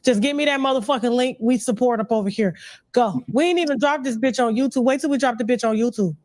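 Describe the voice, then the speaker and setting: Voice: mid-range voice, quick pace, darkish tone, no echo, studio quality. A host running a casual interview, brash and profane, pushing the guest to speak freely.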